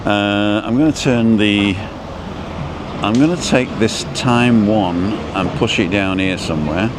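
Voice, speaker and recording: Low-voiced man hosting a noisy outdoor livestream. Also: slow. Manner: rambling, reads viewer comments aloud while fiddling with stream settings. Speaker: livestream host. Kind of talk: casual live-stream chat. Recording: noisy outdoor street background.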